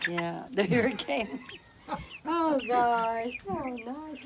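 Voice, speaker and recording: A woman with a high, bright-sounding voice talks casually outdoors while she tends her backyard chickens. She coos softly and fondly at the hens. The phone recording carries clear background noise and clucking. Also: big pitch swings, very slow. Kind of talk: casual chat. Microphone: phone held by companion.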